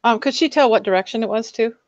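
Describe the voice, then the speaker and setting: A woman's voice: a little high, fast talker. A woman player in a tabletop game, chatting casually and making jokes. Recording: dull, dry home audio.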